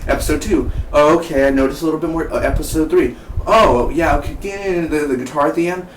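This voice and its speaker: A man's voice: on the high side, fairly quick. A young man casually reviewing a TV episode, rambling and chatty with many restarts. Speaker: TV show reviewer. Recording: roomy, distant mic, faint hiss.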